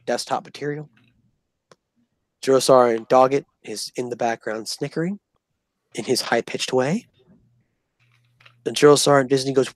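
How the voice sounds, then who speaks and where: Recorded dry, a medium-pitched man recounts his army basic training in a casual vlog story. He's animated and profane, performing the voices of everyone he quotes.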